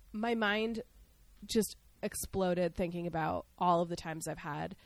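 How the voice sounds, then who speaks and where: A woman co-hosting a podcast, chatting casually as she recaps a TV episode, outspoken and animated, acting out the characters' lines. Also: fairly low pitch, measured pace, dry recording. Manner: animated, outspoken, acts out scenes. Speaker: podcast co-host.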